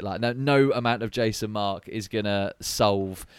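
A man's voice: on the low side, steady tone, moderate pace, clear, resonant tone, no echo. A man co-hosting a podcast, chatting casually and rambling a little with fillers. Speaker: podcast co-host. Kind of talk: casual chat.

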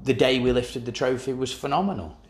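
A man's voice: mid-range voice, fairly quick, a little mellow. Dry-humoured man. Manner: dry teasing banter. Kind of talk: casual chat.

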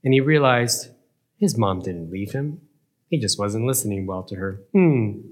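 A man telling a playful story as a children's Bible lesson, with a lively, chuckling delivery. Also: fairly low pitch, moderate pace.

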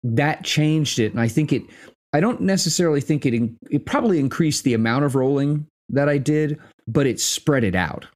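A man chatting casually about tabletop games, thinking aloud, pausing and restarting his sentences. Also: on the high side, animated. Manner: thoughtful, hesitant, many fillers and restarts.

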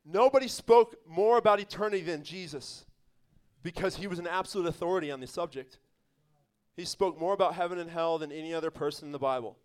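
A pastor with a notably high-pitched voice delivers a sermon at an evening service. His preaching is emphatic and conversational, mixing earnest points with laughing asides to the people in front of him. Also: quick pace, clean tone.

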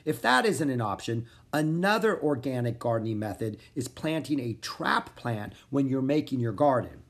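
An expressive narrator reading a children's chapter book aloud. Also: medium pitch, moderate pace. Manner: expressive, animated storytelling. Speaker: audiobook narrator.

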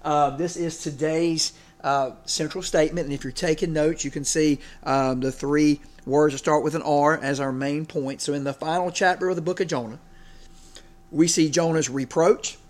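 A man delivers a sermon in a relaxed, conversational way, with a voice pitched a touch high. He often restarts phrases. He keeps asking the congregation "okay?" and "right?". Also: normal speed. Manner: repeats himself and restarts phrases. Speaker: preacher.

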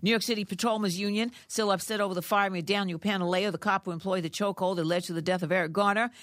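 A woman reading the news on a morning radio show in a steady, conversational way. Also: mid-range voice, very fast, no room sound, studio quality. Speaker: news reader.

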